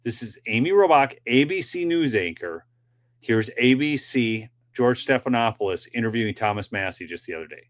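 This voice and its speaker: A man's voice: mid-range voice, animated, normal speed. A man hosting a political commentary livestream, chatting directly with his viewers in a loose, rambling way with many fillers. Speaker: political commentary show host.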